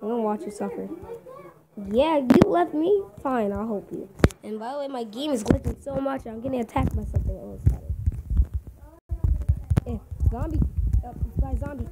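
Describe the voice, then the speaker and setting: A young woman giving casual, excitable commentary while playing a video game with a friend, often yelping and laughing. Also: a little high, fairly quick, long pauses. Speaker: gaming video host. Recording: loud background noise.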